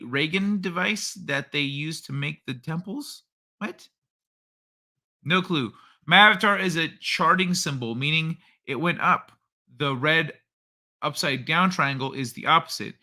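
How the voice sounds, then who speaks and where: A man's voice: fairly high pitch, pushed and bright. A man hosting a livestream, chatting casually and reading out viewer comments in a rambling way. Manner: rambling, thinks aloud, frequent restarts. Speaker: livestream host.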